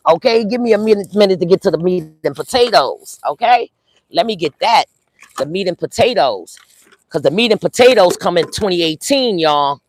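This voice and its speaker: A woman's voice: lowish voice, lively intonation, moderate pace. A tired woman hosting a casual live recap, chatting with her viewers while walking outdoors and holding her phone, full of ums and you-knows. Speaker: livestream host recapping a court day. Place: outdoors, walking near a courthouse.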